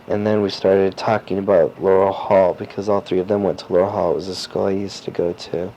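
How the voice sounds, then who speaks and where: A teenage boy recording a personal audio diary, rambling and halting with lots of fillers and restarts. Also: sits low, level tone, warm tone. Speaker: diarist. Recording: dull lo-fi cassette tape with faint hiss.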